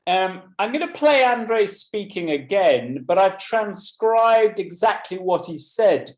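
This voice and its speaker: A man's voice: sits high, very animated, slow, echoey room. A man presenting a teaching webinar, explaining at length and addressing attendees by name. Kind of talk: webinar lecture.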